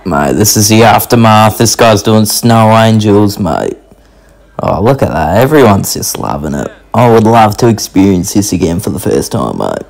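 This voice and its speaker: A man's voice: lowish voice, very animated, normal speed, creaky. A young man, vlogging casually and calling everyone mate. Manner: slangy, says mate constantly. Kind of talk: casual vlog narration.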